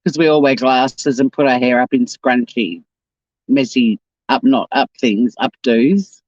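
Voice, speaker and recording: A woman's voice: rumbling low, steady tone, unhurried, a little mellow, no room sound, muffled recording. An Australian woman with a South Australian accent hosting a casual livestream, rambling bluntly and swearing as she reads out comments. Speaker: YouTube livestream host.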